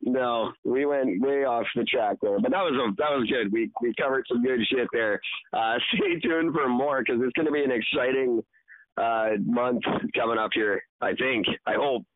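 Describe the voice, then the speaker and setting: A man's voice: medium pitch, moderate pace, no echo. A man co-hosting a podcast in loose, rambling casual chat, laughing often. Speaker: podcast co-host. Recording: tinny phone-like sound.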